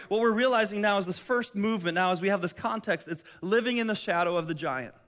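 A middle-aged man preaching a sermon, telling the story with lively energy, often restarting his phrases. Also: high voice. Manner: animated storytelling, acts out voices, many restarts. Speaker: pastor.

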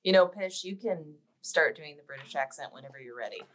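A woman's voice: low-pitched, animated, fairly quick. A woman co-hosting an interview podcast, talking in an effusive, enthusiastic way. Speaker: podcast co-host. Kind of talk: casual interview chat.

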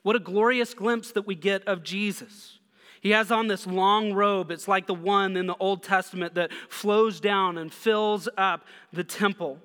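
A man preaching a sermon who reads scripture slowly and softly, then explains it with quick restarts. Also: sits high, steady tone, clear, resonant tone, long reverb tail. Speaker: pastor.

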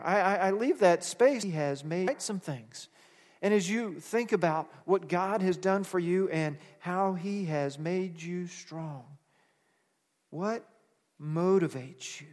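A man's voice: sits high, slow pace, a little mellow. A man preaching a sermon as pastor, reading scripture and building to emphatic, repeated calls to the congregation. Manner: preaching with rising emphatic bursts and call-and-response. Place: church sanctuary. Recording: long reverb of a large hall.

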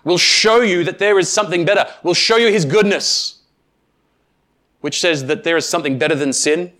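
A man preaching a sermon, speaking emphatically with deliberate pauses and addressing the congregation directly. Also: high voice, sharp tone. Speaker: pastor.

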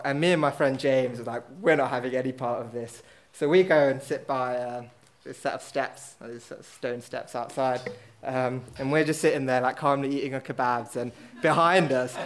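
A man's voice: medium pitch, a little hiss or hum. A man telling a casual anecdote on stage, rambling with lots of fillers and poking fun at himself. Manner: rambling, filler-heavy, self-mocking. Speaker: storyteller at a live event.

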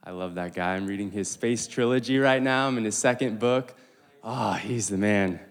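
A man's voice: fairly low pitch, moderate pace. Man preaching in an echoing hall. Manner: animated, with stumbles and asides. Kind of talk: sermon. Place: church hall. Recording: long reverb of a large hall.

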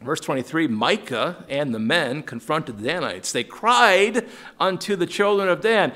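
A man's voice: fairly high pitch, expressive, measured pace, sharp tone. A man leading a conversational Bible study, paraphrasing verses in casual speech, chuckling and calling on listeners by name. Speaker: Bible teacher.

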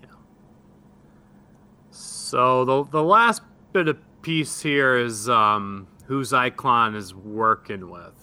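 Bright-voiced, hesitant male player. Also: medium pitch, lively intonation, slow pace, clean tone. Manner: casual, hesitant, with fillers. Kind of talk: casual tabletop game chat.

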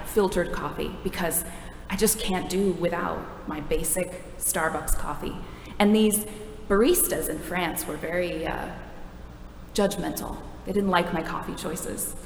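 A woman's voice: on the low side, a bit bright, slight background noise. A woman preaching a sermon in a conversational, wry, self-deprecating way. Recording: echoey hall from a distance.

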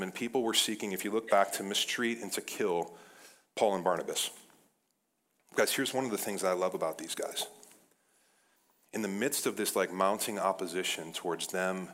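A man preaching an energetic, casual sermon as pastor, often saying "like" and addressing the church as "guys". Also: lowish voice.

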